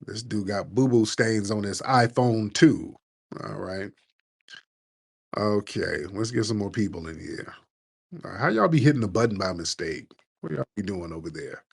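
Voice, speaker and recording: A man's voice: on the low side, normal speed, gravelly, slightly rough. A male talk-show host who runs callers with a blunt, teasing edge. His talk is casual and full of slang.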